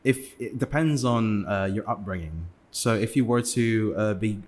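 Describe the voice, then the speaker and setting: A man's voice: lowish voice, unhurried, a little mellow. A young man from England, a podcast guest, talking casually with many fillers and restarts. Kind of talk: casual interview talk.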